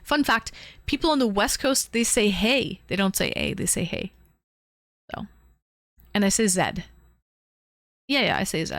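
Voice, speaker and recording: A woman's voice: on the high side, animated, a little fast, no room sound, clean studio sound. A young woman from the Toronto area, live-streaming and chatting casually, thanking viewers by name with plenty of fillers. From Canada, Toronto area.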